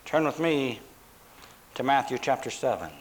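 A man preaching a sermon, stressing words with drawn-out pauses and dramatic emphasis. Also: mid-range voice, expressive, poor audio. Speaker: pastor.

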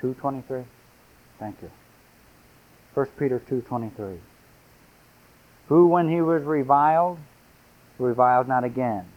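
A man's voice: mid-range voice, a little slow, long pauses. A man preaching a sermon, reading scripture aloud with rising, emphatic delivery. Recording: tinny phone-like sound.

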